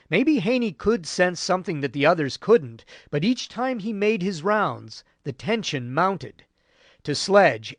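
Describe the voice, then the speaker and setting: A man narrating a war history audiobook in a measured, grave storytelling voice. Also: fairly high pitch, a bit bright, dry recording. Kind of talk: scripted narration.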